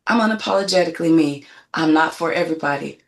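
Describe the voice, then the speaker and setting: Emphatic woman in her fifties, low voice. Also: quick pace, vocal fry. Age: 50s. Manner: emphatic, self-assured storytelling. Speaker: guest. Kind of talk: casual panel chat.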